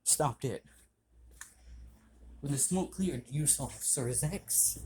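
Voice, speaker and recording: A man retelling a fan story off the cuff, halting, with fillers and frequent throat-clearing. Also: medium pitch, a little mellow. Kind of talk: improvised fan-fiction retelling. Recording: noisy home recording.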